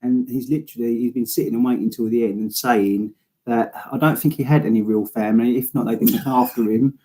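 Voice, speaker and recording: A man, co-hosting psychic readings in a gentle, laid-back way. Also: medium pitch, fairly even intonation, brisk, rough recording. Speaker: psychic medium co-host.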